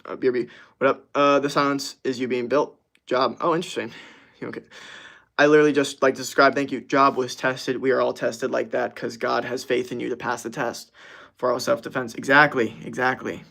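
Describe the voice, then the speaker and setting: A man's voice: medium pitch, little pitch movement, fairly quick, vocal fry, bright, forceful tone. A young man streaming casually, reading viewer comments aloud in a laid-back way and laughing easily. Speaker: streamer answering chat. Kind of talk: casual livestream chat.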